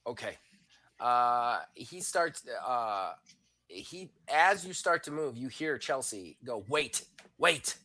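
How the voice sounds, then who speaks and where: A man's voice: medium pitch, very animated, slow pace, sharp tone, low-quality recording. A man narrating as game master in a tabletop role-playing game, loose and chatty with many fillers.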